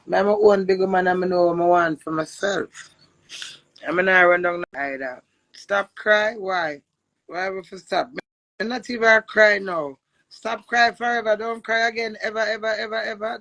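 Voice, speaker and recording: A woman's voice: medium pitch, dry recording. A middle-aged Jamaican woman chatting casually on a live stream, telling stories and laughing often. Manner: animated storytelling with frequent laughs.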